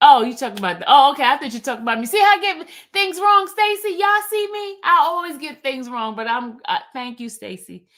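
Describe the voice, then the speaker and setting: A woman's voice: high-pitched, sing-song, a little fast, hardly any pauses, fairly bright tone. A woman hosting her own channel, chatting casually with viewers, rambling and often repeating her thanks. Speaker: channel host. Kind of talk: casual livestream chat with viewers.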